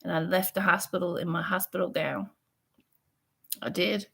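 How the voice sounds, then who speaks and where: Low-voiced woman telling a frank story. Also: fairly even intonation, moderate pace, gravelly, pushed and bright, slight background noise. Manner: frank, profane, rambling. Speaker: vlogger. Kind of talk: casual storytelling vlog.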